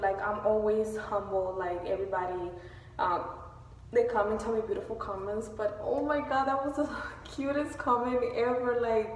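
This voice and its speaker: A woman's voice: mid-range voice, darkish tone, slight background noise. A woman beauty vlogger giving a casual, emotional update from her workplace, gushing and using many fillers. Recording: echoey, distant, faint store ambience.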